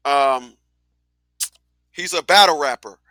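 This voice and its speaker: A man's voice: a little high, slow, pushed and bright, no room sound. A man hosting a radio talk show, speaking bluntly and emphatically with profanity and lots of repetition. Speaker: radio host. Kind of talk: casual talk radio monologue.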